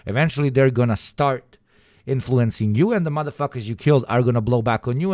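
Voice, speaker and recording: A male streamer riffs and rants with loose, profane humor, his voice sitting at an ordinary middle pitch. The sound is close and dry, with no room around it. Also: no room sound. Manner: profane, ranting and joking. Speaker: streamer reacting to clips. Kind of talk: casual livestream commentary.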